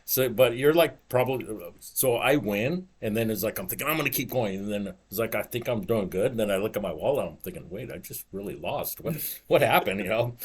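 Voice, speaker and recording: Fast-talking rambling male podcast host. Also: fairly low pitch, breathy edge. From United States. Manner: rambling storyteller, lots of "it's like" and laughing asides. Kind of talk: casual chat.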